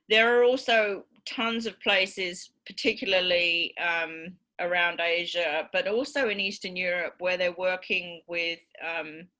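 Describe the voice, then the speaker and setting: Bright-voiced woman lecturer. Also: fairly low pitch. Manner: explanatory, demonstrates stress patterns aloud. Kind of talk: recorded university lecture.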